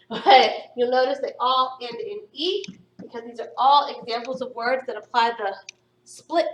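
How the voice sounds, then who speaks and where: Woman phonics teacher, high voice, slow and encouraging, recorded off-mic in a roomy space. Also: fairly bright tone, far from the mic. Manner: slow, stretched-out sounding of words for young pupils; encouraging, upbeat praise. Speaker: primary school teacher. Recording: echoey room, voice somewhat off-mic.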